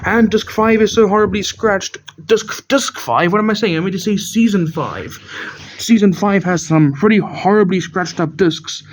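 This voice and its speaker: A young man with a slightly high, somewhat mellow voice gives casual show-and-tell narration of his DVD collection. He rambles and stumbles over words, correcting himself, all on dull lo-fi camera audio.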